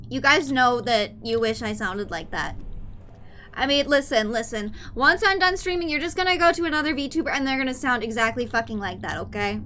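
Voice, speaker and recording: A young woman streaming a game live, chatting excitedly and teasing her viewers. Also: a little high, moderate pace.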